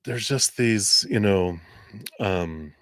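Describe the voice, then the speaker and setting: A man giving gentle, encouraging tarot readings on a live stream, talking casually with soft laughs. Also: on the low side, animated, very slow, dry recording, clean studio sound. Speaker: tarot reader.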